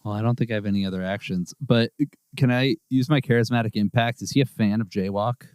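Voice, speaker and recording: A man's voice: fairly low pitch, fairly even intonation, fast, a little mellow, clear, resonant tone, no room sound. A man as a player in a tabletop game, asking eager questions about the rules. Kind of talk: casual tabletop game chat.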